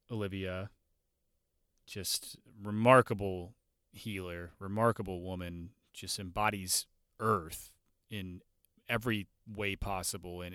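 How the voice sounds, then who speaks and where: A man hosting a podcast, telling a story in a loose, animated way and now and then acting out the people in it. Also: on the low side, clean tone, no room sound, clean studio sound. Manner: warm, animated, loose and profane, mimics voices in anecdotes. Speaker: podcast host. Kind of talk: casual storytelling monologue.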